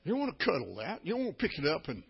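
A man's voice: on the high side, huge pitch swings, very fast, creaky, a little hiss or hum. An older man, a pastor preaching a sermon through folksy, repetitive storytelling. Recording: dull lo-fi recording.

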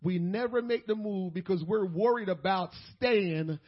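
High-voiced preacher swinging to shouts. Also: male voice, unhurried, muffled recording. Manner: swings from quiet asides to shouted, preachy peaks. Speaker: pastor. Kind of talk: sermon.

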